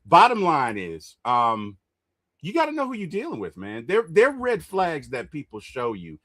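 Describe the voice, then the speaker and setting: A man telling stories in casual chat, animated and laughing when excited. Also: a little high, normal speed, no room sound.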